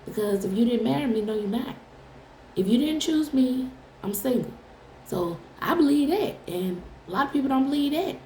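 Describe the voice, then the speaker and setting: A woman's voice: sits high, animated, normal speed, darkish tone, reverberant, slight background noise, poor audio. A woman tarot reader talking straight to her viewers in a blunt, profane, teasing way. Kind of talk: casual direct-to-camera chat.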